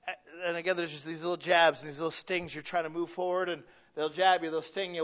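A man's voice: on the high side, flat delivery, brisk, few pauses, a bit bright, muffled recording. A man preaching a sermon in a conversational way, asking the congregation questions and acting out little quoted voices. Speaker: pastor.

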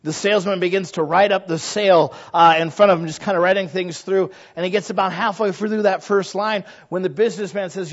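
A man's voice: high voice, fairly even intonation, quick pace, hardly any pauses. A man preaching a sermon in an earnest, conversational way, often asking rhetorical questions. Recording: dull lo-fi recording.

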